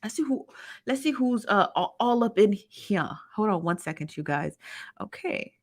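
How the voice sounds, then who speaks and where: A woman's voice: medium pitch, expressive, moderate pace, darkish tone. A woman hosting a casual livestream, chatty and slangy, greeting viewers by name. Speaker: livestream host.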